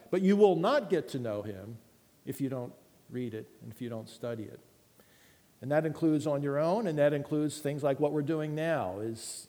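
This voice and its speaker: A man preaching a sermon in an earnest, emphatic way, dropping to a hush at times. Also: a little high. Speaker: pastor. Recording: long hall reverb.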